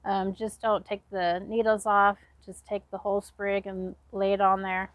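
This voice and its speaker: A woman's voice: mid-range voice, little pitch movement, moderate pace, no room sound, muffled recording. A woman vlogging from her backyard homestead in a chatty, self-deprecating way, recorded outdoors on a windy day. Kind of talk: casual behind-the-scenes vlog.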